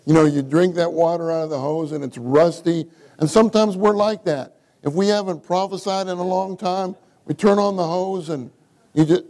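A man's voice: fairly high pitch, a little mellow, poor audio. A middle-aged man preaching a sermon, reading scripture aloud and repeating key phrases for emphasis. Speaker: church speaker.

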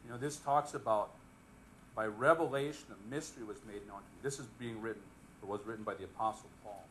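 A man's voice: fairly low pitch, fast talker, a little hiss or hum, poor audio. A man preaching a casual Bible lesson, chatting with the audience, asking them questions and joking as he goes. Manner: conversational, often asks the audience questions; relaxed and joking, chuckles while speaking.

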